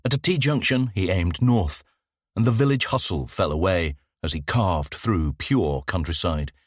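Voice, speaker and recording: Deep-voiced male audiobook narrator. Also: no echo, clean studio sound. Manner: measured, descriptive storytelling. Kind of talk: scripted narration.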